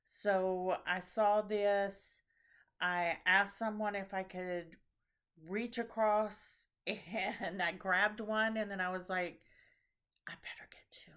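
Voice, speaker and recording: A woman's voice: lowish voice, a bit bright, smooth. A tired woman hosting a casual knitting chat, rambling with lots of ums and restarts. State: tired after a long trip. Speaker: knitting podcast host.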